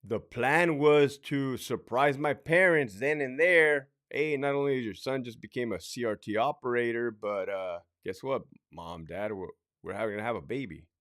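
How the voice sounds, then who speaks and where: A man telling a personal story in a casual, emotional, halting way, repeating phrases and sighing. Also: mid-range voice, fairly bright tone.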